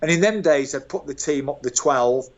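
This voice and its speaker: A man in his sixties from Birmingham, telling animated, self-mocking stories as an interview guest. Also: on the high side, moderate pace. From England, Birmingham. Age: 60s. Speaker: guest, former footballer. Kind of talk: storytelling interview.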